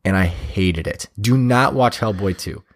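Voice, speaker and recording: A man's voice: lowish voice, measured pace. A man from the Boston area hosting a podcast in casual chat, articulate and teasing. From Boston area, USA. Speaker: podcast host.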